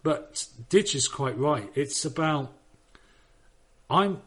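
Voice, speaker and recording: A man's voice: a little high, expressive, slow, fairly bright tone, breathy edge. A man chatting casually on a gaming podcast, rambling and swearing as he tells jokey stories. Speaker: podcast panelist.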